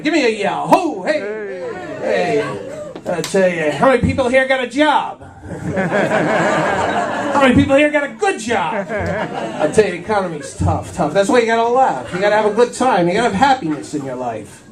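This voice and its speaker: A man in his fifties doing a stand-up routine on a small cafe stage, forever saying "I'll tell you" between jokes. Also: high-pitched. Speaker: stand-up comedian. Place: small cafe stage before a live audience. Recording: voice from far off in a cafe.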